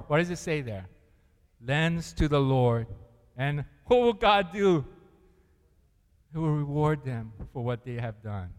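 A male pastor preaching with lively energy, pulling his listeners into reading scripture aloud with him. His voice sits a little high for a man. The sound carries a long reverb, as if he is recorded in a church hall. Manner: animated, calls congregation to read along. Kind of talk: sermon.

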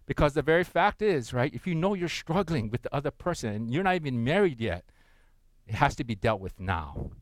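A man's voice: medium pitch, big pitch swings, brisk, no echo. Earnest male pastor preaching interactively. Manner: interactive, leads congregation in unison reading; frequent tag questions, earnest and encouraging. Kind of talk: sermon.

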